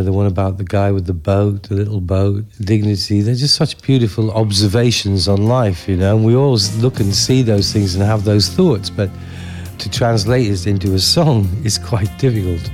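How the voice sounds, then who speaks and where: Brief: male producer, lowish voice, reflective and easygoing. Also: steady tone, moderate pace, a little mellow, soft background music. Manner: thoughtful, conversational, many "you know"s. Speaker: record producer. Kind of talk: reflective interview.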